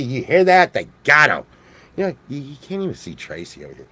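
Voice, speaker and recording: A man's voice: medium pitch, wildly swooping pitch, brisk, sharp tone. A man from Texas, rambling jokily in a casual monologue full of restarts and swearing. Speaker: vlogger.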